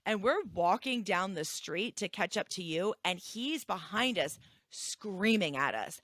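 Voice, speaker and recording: A woman co-hosting a podcast, telling travel stories in animated, casual chat with laughs. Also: mid-range voice, unhurried, no echo. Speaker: podcast co-host.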